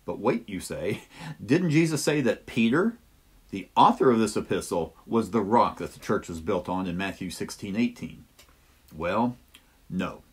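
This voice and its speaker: A man's voice: fairly low pitch, animated, a little slow, husky. A man explaining a Bible passage to teachers in a weekly lesson, with a few "uh"s as he goes. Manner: explanatory, with some filler "uh"s.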